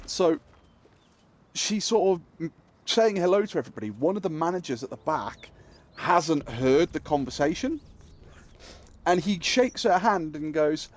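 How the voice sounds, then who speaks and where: A middle-aged man streaming a game, casually telling an animated story and acting out the people in it. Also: a little high, a little slow, long pauses. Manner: animated, acts out quoted people, swears freely. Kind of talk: casual storytelling while gaming.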